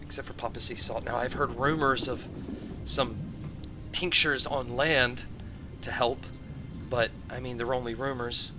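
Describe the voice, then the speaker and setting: A man voicing a meek, dying palace servant who speaks quietly and apologetically. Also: mid-range voice, steady tone, unhurried, pauses often, background noise, lightly acted. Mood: gloomy.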